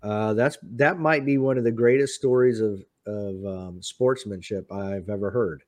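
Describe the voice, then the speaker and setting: A man's voice: on the low side, measured pace, darkish tone. A man hosting a casual interview, mostly giving short encouraging replies. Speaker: host.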